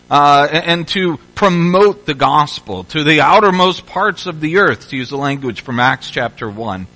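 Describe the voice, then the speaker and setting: A man from Louisville, Kentucky, preaching in a high, bright voice. He talks through the sermon in an easy, conversational way, repeats himself as he restarts phrases, and now and then builds to energetic calls. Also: low-quality recording. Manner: conversational, with restarts and rising exhortations. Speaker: pastor.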